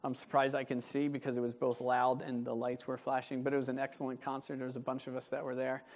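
A man, a pastor, preaching a sermon in a lively manner and acting out what members of the church might say. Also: medium pitch, fast talker. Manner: animated, acts out voices of church members.

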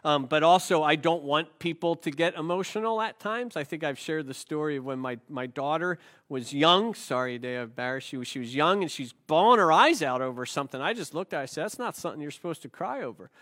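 A man's voice: fairly high pitch, expressive, brisk, hardly any pauses, a bit bright. A middle-aged man preaching a sermon, talking in a loose, joking, conversational way with frequent restarts. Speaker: pastor.

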